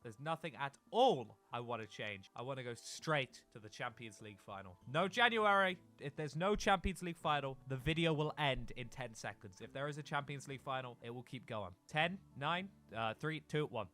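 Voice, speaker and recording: Excitable young man shouting over a game. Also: mid-range voice, moderate pace, hardly any pauses, faint music behind. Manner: excitable, swears a lot, swings between shouting and muttering. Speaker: gaming YouTuber. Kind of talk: game commentary.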